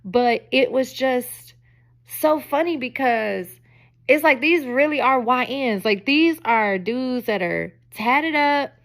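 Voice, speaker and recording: A woman's voice: sits high, lively intonation, slow pace, creaky, a bit bright. A woman in her forties, a podcast host chatting in a casual storytelling monologue, emphatic and often laughing. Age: 40s.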